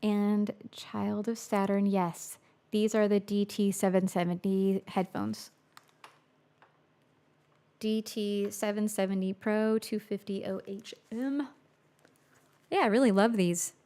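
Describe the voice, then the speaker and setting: A woman's voice: mid-range voice, steady tone, slow, long pauses, dark tone, clear, resonant tone. A woman musician chatting casually on a livestream, thinking aloud as she works in her studio and reads viewer comments. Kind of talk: casual livestream chat while producing.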